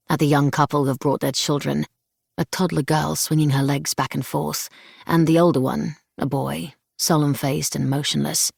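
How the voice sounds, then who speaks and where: A woman narrating a novel in first person, measured and hushed, on a close studio mic. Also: sits low, gravelly, breathy edge, no echo. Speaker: audiobook narrator. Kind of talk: scripted narration.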